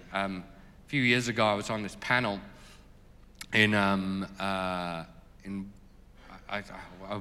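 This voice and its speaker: A man telling stories in an interview as a charity leader, animated and full of fillers. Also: lowish voice, big-room sound, slight background noise. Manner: animated, lots of fillers, laughs as he tells it. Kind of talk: storytelling in an interview.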